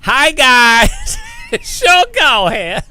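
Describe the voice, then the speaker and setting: A man's voice: very high voice, wildly swooping pitch, very slow, bright, forceful tone, soft background music, voice pushed up, heavily acted. A man impersonating a cheery racing presenter. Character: cheery male sim-racing presenter impression.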